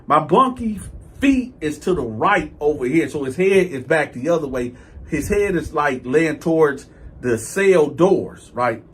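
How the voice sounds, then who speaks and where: Animated, husky-voiced male storyteller. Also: fairly high pitch, unhurried. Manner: animated, breaks into loud outbursts when quoting himself; profane street slang. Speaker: storyteller host. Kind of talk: casual storytelling.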